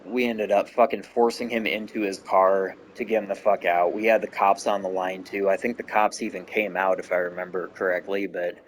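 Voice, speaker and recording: A man's voice: lowish voice, slight background noise. A man hosting his channel, telling a family story casually to camera, with constant swearing and rambling asides. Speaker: gaming channel host.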